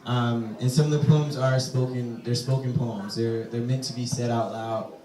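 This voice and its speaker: A hesitant, soft-spoken man answers questions from a live audience. His pauses and fillers come through a distant mic. The room around him is echoey. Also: mid-range voice, fairly even intonation. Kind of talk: live Q&A at a poetry reading. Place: echoey event space.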